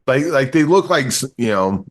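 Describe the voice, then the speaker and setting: A man's voice: mid-range voice, animated, normal speed, slight background noise. A man reviewing movies on a podcast in casual chat, rambling through the plot with stumbles and restarts.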